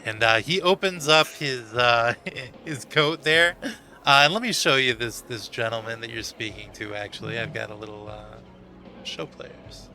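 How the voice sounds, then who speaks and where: A man's voice: mid-range voice, unhurried, pushed and bright, slight background noise. A man narrating a tabletop game as game master, with many fillers and chuckles.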